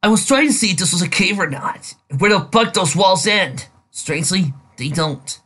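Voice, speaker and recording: A confident, dismissive pegasus mare in a storybook reading, raised in pitch with a husky grain, as a man puts her on. Her lines come brisk and offhand, with lively rises. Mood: explaining.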